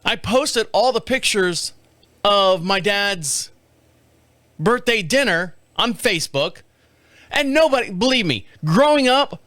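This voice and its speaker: A middle-aged man hosting a podcast, telling rambling, animated stories and putting on mocking voices in a casual monologue. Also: high-pitched, takes it slowly, dry recording. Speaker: podcast host. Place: home studio.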